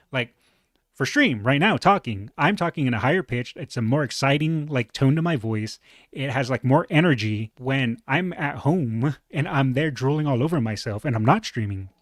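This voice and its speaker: A man with a moderately deep voice reacting to a video in a relaxed, chatty way, thinking aloud with fillers. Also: no room sound, studio quality. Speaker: reaction streamer. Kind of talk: casual reaction commentary.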